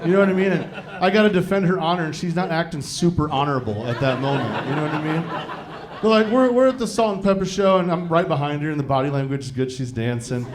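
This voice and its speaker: A man's voice: on the high side, expressive, quick pace, background noise. A man from Iowa performing a stand-up comedy set live, talking conversationally, swearing freely, and often checking in with the crowd. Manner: profane, conversational, often asks the crowd "you know what I mean?". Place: live venue before a laughing audience. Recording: live show with audience laughter. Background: crowd laughter.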